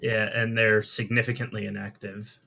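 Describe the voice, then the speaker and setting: A man with a bright, forward voice talks through a staff meeting over a voice call. He is relaxed and loose, filling gaps with "uh" and "like" and letting his sentences trail off. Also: fairly low pitch, moderate pace, gravelly. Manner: relaxed, laughs often, trails off with fillers. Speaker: infrastructure staff member. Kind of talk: casual meeting discussion.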